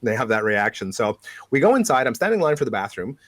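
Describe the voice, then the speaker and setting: Man, podcast co-host, lively swooping pitch, dry close sound, animated storyteller. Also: quick pace, dry recording. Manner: animated storyteller, acts out quotes. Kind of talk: casual storytelling chat.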